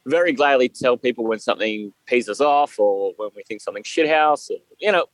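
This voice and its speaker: A man's voice: medium pitch, animated, brisk, poor audio. A man with an Australian accent, a podcast guest chatting casually and laughing at himself. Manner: laughs often, self-deprecating. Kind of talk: casual chat.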